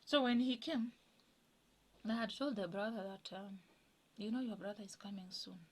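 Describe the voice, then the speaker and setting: A woman's voice: fairly even intonation, normal speed, a little mellow. Woman telling a personal story. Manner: acts out others' lines in a raised pitch.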